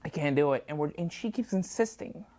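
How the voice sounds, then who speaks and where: A woman's voice: deep voice, lively intonation, fairly quick, dark tone. A woman comedian telling a story as a guest, acting out both sides of the conversation with big jumps in her delivery. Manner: jumpy, acts out both sides of dialogue with big swings. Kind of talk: animated anecdote storytelling. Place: studio.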